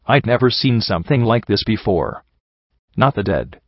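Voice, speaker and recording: A man reading a first-person story aloud in a wry, measured narrating manner. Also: lowish voice, animated, dry recording. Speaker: audiobook narrator. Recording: dry, slightly dull lo-fi recording.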